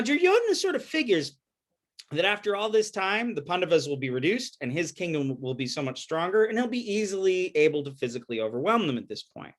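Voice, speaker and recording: A man lectures with a lively, swooping voice that sits a bit high for a man. He tells the story with animation and briefly acts out each quoted line. It sounds like a recorded class talk.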